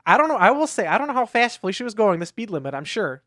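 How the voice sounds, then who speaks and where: Very animated and quick, a man with a high, fairly bright voice spins a meandering tale as a podcast co-host, full of restarts and acted-out quotes. It's a casual chat captured dry, with clean studio sound.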